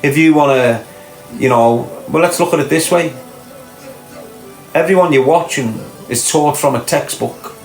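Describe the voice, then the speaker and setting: This podcast host, a man with a Liverpool accent, speaks on the high side at a measured pace and pauses often. His casual chat rambles and is sprinkled with rhetorical questions, recorded in an echoey room with faint music.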